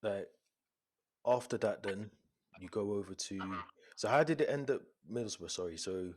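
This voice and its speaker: A man's voice: on the low side, expressive, moderate pace, a little mellow, slightly rough. A male podcast host chatting casually, giving short replies and questions on a video call. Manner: brief back-channel replies and questions. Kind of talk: casual interview chat.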